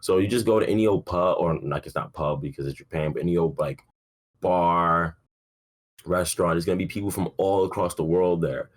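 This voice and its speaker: Deep-voiced, laid-back young man. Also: steady tone, fairly quick. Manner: rambling, profane, laid-back with frequent fillers. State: sleepy, yawning. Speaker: podcast host. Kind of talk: casual solo sports talk.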